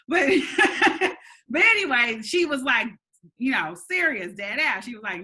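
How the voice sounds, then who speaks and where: A woman hosting a casual live stream, talking in a chatty way with lots of "um"s and giving shout-outs, with a slightly nasal voice. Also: high voice, big pitch swings, moderate pace. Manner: chatty, warm shout-outs with frequent laughs and "um"s. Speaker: host. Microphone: webcam or phone mic for a live stream.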